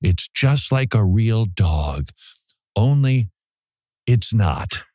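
A male radio host riffing in a studio, his pitch leaping around as he jokes and laughs between points. The sound is close and dry, with no room around the voice. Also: extremely slow, no room sound. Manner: animated, joking, laughs often. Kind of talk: casual talk-radio monologue. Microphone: studio mic.

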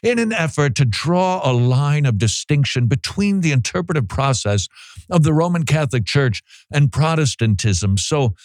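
A man's voice: fairly high pitch, expressive, moderate pace, a little mellow, no room sound, lightly acted. A man impersonating a pompous British theologian who rambles and dodges the question. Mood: evasive. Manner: long-winded, dodges the question.

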